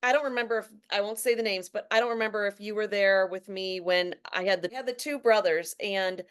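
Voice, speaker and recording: A woman's voice: medium pitch, a little fast, fairly bright tone, smooth. A woman hosting a casual interview. She talks in a chatty way, often stammering and restarting her sentences. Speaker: host.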